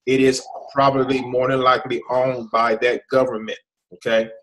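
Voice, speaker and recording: A man's voice: medium pitch, little pitch movement, moderate pace, fairly bright tone, rough recording. An American man hosting an online hangout, explaining with frequent restarts and repeated "okay?" checks. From USA. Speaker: host. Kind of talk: casual hangout presentation.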